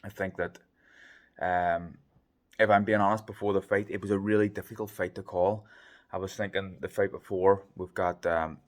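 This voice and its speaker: A man with a very low voice talks through a boxing fight in a casual vlog from a hotel room. He is chatty and thinks aloud as he goes, with plenty of ums along the way. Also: level tone, normal speed. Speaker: boxing pundit.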